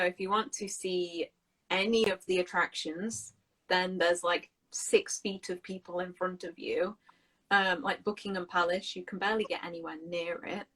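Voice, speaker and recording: A woman's voice: on the low side, fairly bright tone, poor audio. A woman in casual chat about accents, talking in a chatty way with many fillers and often laughing. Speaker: co-host, English teacher.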